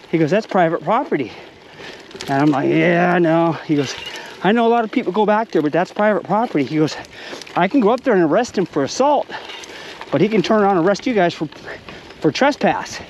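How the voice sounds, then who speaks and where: A man casually telling a story outdoors on a mountain bike trail, animated and acting out the quotes. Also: high-pitched, slight background noise. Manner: animated, acts out quotes with rising shouts.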